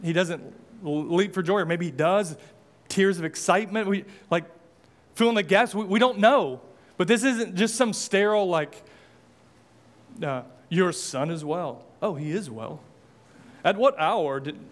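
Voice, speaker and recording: A man's voice: high voice, moderate pace. A male pastor preaching a sermon, impassioned, with repeated rhetorical questions and casual asides.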